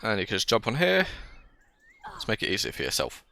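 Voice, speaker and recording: Man, gaming commentary, bright tone, lively swings in pitch, playful jokes. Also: a little fast, gravelly, no room sound. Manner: jokey, chatty, self-mocking. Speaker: gaming channel host. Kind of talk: let's play commentary.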